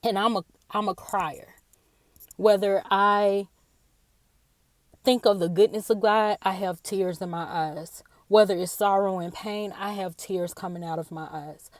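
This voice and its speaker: A woman giving a personal devotional talk, earnest and halting, often repeating her words, tearful after a day of crying. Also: mid-range voice, steady tone, no room sound, clean studio sound. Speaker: faith speaker.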